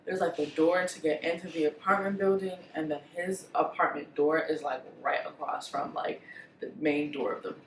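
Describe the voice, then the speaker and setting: A woman vlogger telling a storytime in a blunt, profane, animated way. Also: deep voice, normal speed, reverberant, recorded from a distance, a little hiss or hum, rough recording. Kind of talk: storytime vlog.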